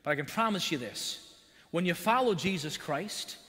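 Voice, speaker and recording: A man preaching a sermon as pastor, telling a personal story in an animated way with buzzing sound effects. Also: fairly high pitch, moderate pace. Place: church sanctuary. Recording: long church-hall reverb.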